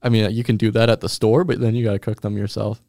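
A young man with a gravelly, creaky voice co-hosts a comedy podcast. He rambles casually and slips in absurd jokes with a deadpan delivery. The sound is close and dry. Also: on the low side, fast talker, no echo. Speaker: podcast co-host.

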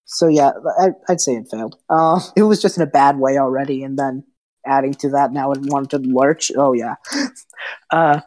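A woman's voice: rumbling low, steady tone, moderate pace, a little mellow, poor audio. A woman narrating as game master of a tabletop game, friendly and hesitant, with many fillers.

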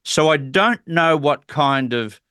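A man hosting a talk radio show, brisk and opinionated. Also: on the high side, animated, bright, forceful tone, clear, resonant tone, no echo, clean studio sound.

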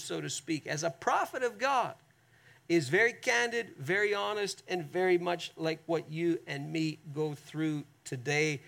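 A man's voice: sits high, vocal fry, fairly bright tone. A man preaching a sermon as pastor, reading scripture dramatically and talking conversationally to his congregation. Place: church, streamed online.

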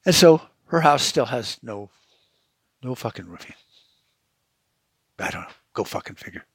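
A man's voice: medium pitch, sing-song, unhurried, breathy edge, no room sound. Foul-mouthed man ranting. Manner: swears constantly, heated and sarcastic. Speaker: podcast host. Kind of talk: profane rant.

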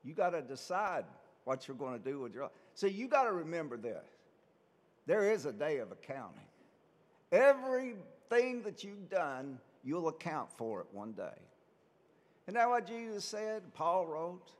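A man's voice: fairly high pitch, very animated, unhurried, long reverb tail. A man, a priest, giving a conversational sermon full of rhetorical questions.

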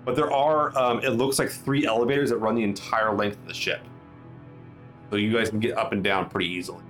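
A man's voice: fairly low pitch, fairly even intonation, a little fast, fairly bright tone, faint music behind. A man narrating as game master of a tabletop role-playing game, talking loosely with many fillers and restarts.

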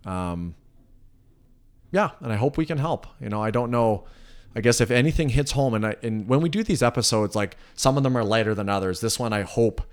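A man's voice: mid-range voice, animated, fairly quick, clean tone. A man hosting a podcast, talking in an earnest, reflective, rambling way. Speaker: podcast host. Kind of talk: casual conversation.

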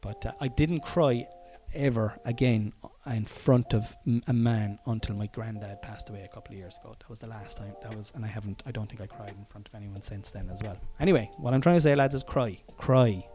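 A man's voice: fairly low pitch, brisk, few pauses, mellow, soft background music. An Irish man telling a personal story in a casual monologue, frank and profane, chuckling often and wandering into asides.

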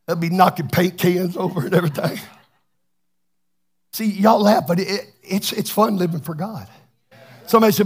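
Husky older preacher, high and fervent. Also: male voice, normal speed. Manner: fervent, shouting in bursts, chatty asides. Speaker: pastor. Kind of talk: Pentecostal sermon.

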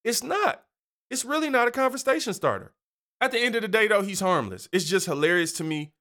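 Brief: male host, fairly high, bright and forceful voice, chatty slangy storyteller who laughs easily. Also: fairly quick. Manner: animated, chatty, laughs often, uses slang. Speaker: podcast host. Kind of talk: casual storytelling.

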